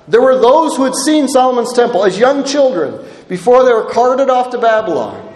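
A man preaching a sermon, emphatic and checking in with the congregation by asking "right?" again and again. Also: high-pitched. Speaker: pastor. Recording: echoey hall with long reverb.

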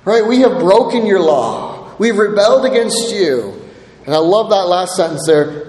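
A man's voice: high voice, expressive, measured pace, darkish tone. A man preaching a sermon, earnestly reading scripture and often checking in with "right?". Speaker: pastor. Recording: echoey hall with long reverb.

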